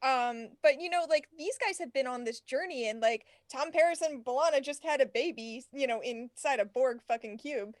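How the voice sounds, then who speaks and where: A woman's voice: high voice, moderate pace, hardly any pauses, no room sound, studio quality. A woman co-hosting a podcast, talking casually with many fillers and some swearing. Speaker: podcast co-host. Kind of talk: casual chat.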